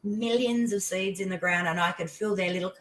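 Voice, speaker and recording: An older woman with an Australian accent, a guest on an interview show, telling a personal story in casual chat with excited outbursts. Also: medium pitch, fairly quick, heavy background noise. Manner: animated storytelling, voice leaping into exclamations.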